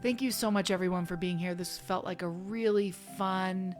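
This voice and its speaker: A woman leading a relaxed online sermon, talking to her flock like friends. Her voice sits at an ordinary pitch and turns fervent when she urges them on. Faint music plays behind her. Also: moderate pace. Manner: warm, chatty, with bursts of fervent exhortation. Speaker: spiritual minister.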